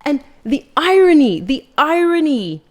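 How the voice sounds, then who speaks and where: A woman's voice: high-pitched, big pitch swings, unhurried. A woman hosting a podcast, giving chatty, sarcastic and critical commentary. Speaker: podcast host. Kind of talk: casual opinion commentary.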